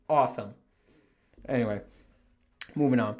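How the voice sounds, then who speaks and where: A young man talks on his solo podcast in a loose, rambling way. He swears freely, laughs at his own stories and slips into mock voices when he quotes coworkers. His voice sits at an ordinary pitch for a man. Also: wildly swooping pitch, slow pace, creaky, pauses often, darkish tone. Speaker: podcast host. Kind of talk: casual solo podcast monologue.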